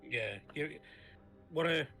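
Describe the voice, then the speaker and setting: Chatty guy on a gaming stream, bright tense voice, keeps things easygoing. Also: on the high side, animated, slow, faint music behind. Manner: chatty, reassuring. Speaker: co-op guest player. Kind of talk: casual gaming stream chat.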